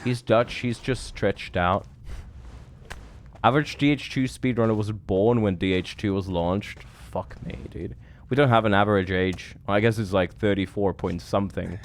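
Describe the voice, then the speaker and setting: A man's voice: lowish voice, steady tone, normal speed, slight background noise. 30-something streamer guy swearing a ton, rambly, chatting with chat while playing. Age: 30s. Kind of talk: live gameplay commentary.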